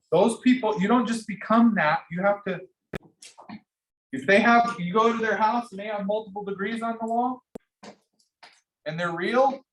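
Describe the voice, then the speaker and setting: A man teaching an entrepreneurship class, coaching students in an energetic way and often restarting his phrases. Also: high voice, recorded from a distance. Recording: echoey room, speaker off-mic, faint noise.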